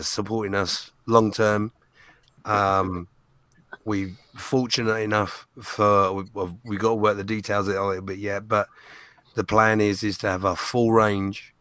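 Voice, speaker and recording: A man hosting a charity auction stream, talking casually with many pauses and restarts. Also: on the low side, pushed and bright, clean tone. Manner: hesitant, many ums and restarts. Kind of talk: casual live-stream chat.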